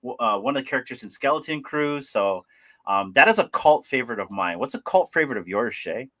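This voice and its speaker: A man hosts a relaxed livestream conversation in a bright, forceful voice. He talks in an eager, rambling way, full of fillers and restarts. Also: medium pitch, brisk. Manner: rambling, enthusiastic, many fillers. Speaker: livestream host. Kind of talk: casual chat.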